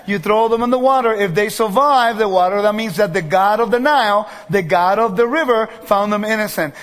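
Very high-voiced male preacher in a hall. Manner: keeps checking in with the audience and acts out quoted voices. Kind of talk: sermon.

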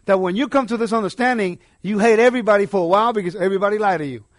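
A man preaching a sermon, emphatic, swinging between quiet asides and loud declarations. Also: high-pitched, very fast, no room sound, clean studio sound.

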